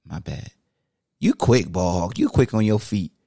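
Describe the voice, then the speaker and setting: A man voicing his own DJ sidekick, a low-voiced, sheepish male character in one-man two-voice podcast banter. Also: sing-song, measured pace, vocal fry, mellow, dry recording, studio quality, full character voice.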